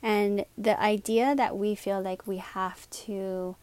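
A woman hosting a solo podcast, talking in an earnest, confiding way, with quick asides and slowed words for emphasis. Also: medium pitch, steady tone, darkish tone, clear, resonant tone, no echo. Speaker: podcast host. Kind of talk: reflective solo podcast monologue.

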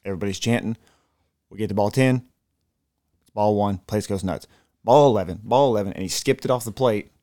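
A man co-hosting a casual sports podcast, telling excited, profane stories. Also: fairly low pitch, a little fast, long pauses. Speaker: podcast co-host.

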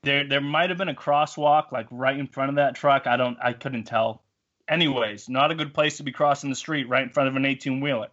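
A man's voice: mid-range voice, steady tone, a little fast, a bit bright, lo-fi sound. A man, telling a story in a rambling, self-mocking way on a podcast. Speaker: podcast co-host. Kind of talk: casual storytelling.

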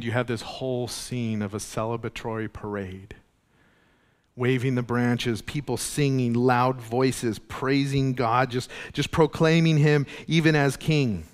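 Guy preaching a sermon in a church, earnest and animated, mid-pitched voice, long hall echo. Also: a little slow. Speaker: pastor.

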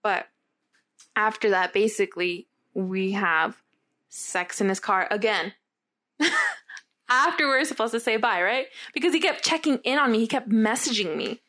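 A young adult woman rambles through a candid personal story in casual chat, swearing freely and packing her talk with "like." Her voice is mid-range and fairly bright, and she speaks at a moderate pace.

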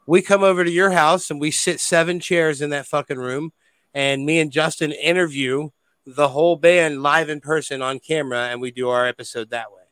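A man's voice: a little high, steady tone, moderate pace, a bit bright, smooth, no echo. A man hosting a podcast, chatting casually and affectionately, with frequent swearing and restarts. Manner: affectionate, rambling, profane. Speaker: podcast host. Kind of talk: casual chat.

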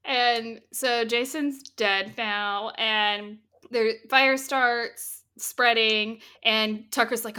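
A woman casually retelling a film's plot as a podcast co-host, lively and swearing freely. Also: a little high, takes it slowly, clean tone. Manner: animated storytelling, swears freely. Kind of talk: casual chat recapping a film.

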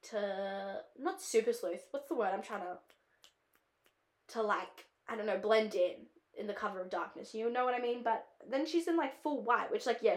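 An Australian woman hosts a casual film-review podcast in a medium-pitched voice, rambling, saying "like" constantly, and drifting off into tangents. Her casual chat sounds reverberant.

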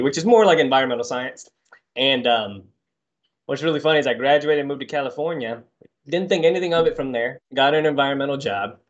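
Laid-back man on a dull, lo-fi line. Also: mid-range voice. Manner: relaxed and laughing, full of "you know" fillers, easygoing storyteller. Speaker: guest, coral farmer. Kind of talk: casual interview chat.

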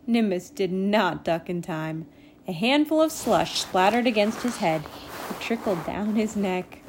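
Gentle woman reading a storybook. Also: mid-range voice, moderate pace, a little hiss or hum. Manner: gentle, expressive. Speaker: storybook reader. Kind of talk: reading a children's storybook aloud.

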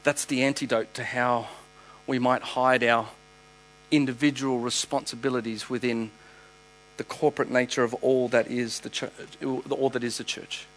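A man's voice: mid-range voice, little pitch movement, normal speed, a bit bright, slight background noise, low-quality recording. An Australian man preaching a sermon as pastor, emphatic, with repeated phrases and restarts.

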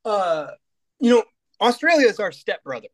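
A young man with a notably high voice co-hosts a casual podcast. He is easygoing and jokey, and he often laughs at his own lines. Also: very animated, normal speed. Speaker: podcast co-host. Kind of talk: casual chat.

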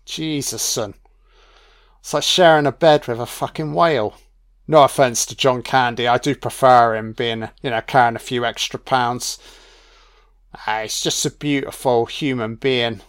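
A man's voice: medium pitch, fairly even intonation, a little slow. A man giving a casual, profane audio commentary on a film, chatting loosely and laughing often.

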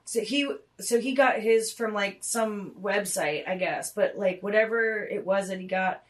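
A woman's voice: medium pitch, unhurried. A woman co-hosting a casual podcast, loose and swearing, yawning and coughing as she talks. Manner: loose, laughing, swears freely. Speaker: podcast co-host. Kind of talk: casual chat. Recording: voice from a distance off the mic.

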